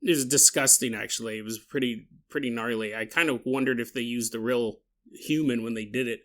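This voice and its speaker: A man's voice: medium pitch, fairly quick. A man hosting a podcast, telling a strange story in a casual, joking way and acting out scenes. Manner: animated, joking, acts out scenes. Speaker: podcast host.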